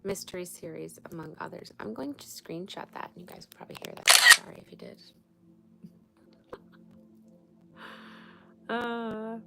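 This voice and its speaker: A woman's voice: medium pitch, unhurried, creaky, pauses often, bright, forceful tone, low-quality recording. A woman hosting a casual late-night live chat, talking frankly and loosely with some swearing as she gives spiritual advice. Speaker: livestream host. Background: music playing.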